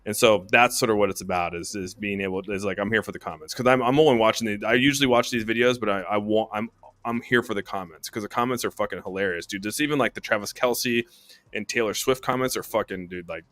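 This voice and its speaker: A man's voice: on the low side, quick pace, fairly bright tone, no room sound. A man in casual chat, rambling and swearing a lot, saying "dude" often. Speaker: co-host.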